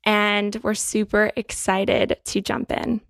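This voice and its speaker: A woman's voice: mid-range voice, little pitch movement, takes it slowly, gravelly, a bit bright, dry recording, studio quality. A woman co-hosting a podcast, talking in an earnest, encouraging and reflective way. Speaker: podcast co-host. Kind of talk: reflective wellness podcast talk.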